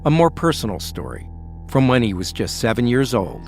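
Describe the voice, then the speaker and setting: A man narrating a documentary podcast in a measured, storytelling way. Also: medium pitch, big pitch swings, darkish tone, faint music behind.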